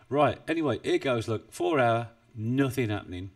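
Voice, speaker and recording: On a trading live stream, a man with a mid-range, animated voice chats at a moderate pace, wandering off topic, mocking himself and chuckling a lot. He's broadcasting from his UK home desk. The badly placed desk mic leaves him sounding distant.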